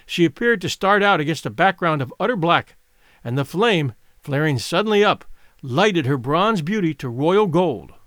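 A man narrating a classic story as an audiobook, measured and expressive. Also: fairly high pitch, dry recording, clean studio sound.

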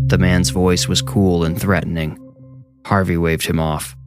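A man narrating a horror story in a measured, steady storytelling voice. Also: sits low, faint music behind. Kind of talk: scripted narration.

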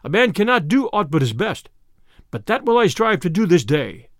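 A man's voice: high voice, big pitch swings, moderate pace, a bit bright, no echo, studio quality, exaggerated voice. A man voicing a sturdy, earnest young archer in a storybook reading, in archaic speech.

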